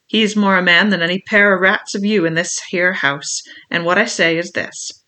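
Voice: mid-range voice, fairly even intonation, moderate pace, bright, forceful tone, lightly acted. A reader voicing a scheming old male pirate cook who roars commands in sailor's slang, in an audiobook. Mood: blustering. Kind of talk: audiobook reading.

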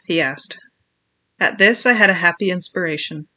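An audiobook narrator reading a first-person adventure story in a measured, expressive way. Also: medium pitch.

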